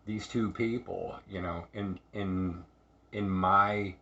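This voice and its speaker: A man telling a personal story in a halting, reflective way, repeating words and restarting often. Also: sits low, steady tone, gravelly, bright, forceful tone, lo-fi sound, a little hiss or hum. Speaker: speaker sharing recovery story.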